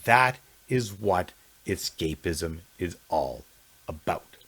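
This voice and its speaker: A man narrating a scripted essay in a measured, reflective way. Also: low voice, expressive, fairly bright tone, husky. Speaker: podcast host.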